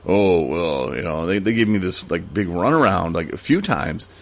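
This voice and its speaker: A man's voice: sits low, sing-song, a little fast. A man hosting a podcast, talking casually and rambling, with many fillers and restarts. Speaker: podcast host. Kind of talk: casual solo podcast monologue.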